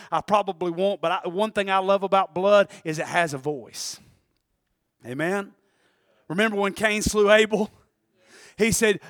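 Man, preacher, very high voice, dry close sound, sermon with shouts and hushed lines. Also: no echo. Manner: animated, swinging from loud shouts to low murmurs.

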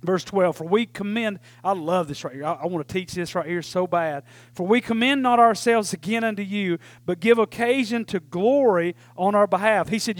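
This folksy, lively sermon comes from a man whose voice sits unusually high, and he keeps tossing in "right?" as he goes. He talks at a normal speed, captured in a close, dry recording without any echo.

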